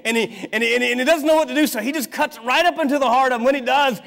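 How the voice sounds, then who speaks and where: High-voiced preacher in a reverberant church. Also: male voice, very fast. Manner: lively storytelling, acting out the people in his stories. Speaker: pastor. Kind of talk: sermon. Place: church sanctuary. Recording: long hall reverb in a church.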